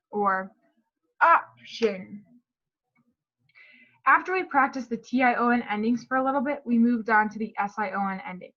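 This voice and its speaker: A woman's voice: on the high side, a bit bright, lo-fi sound. A woman presenting a speech therapy session in a recorded class talk, explaining and modeling word stress aloud.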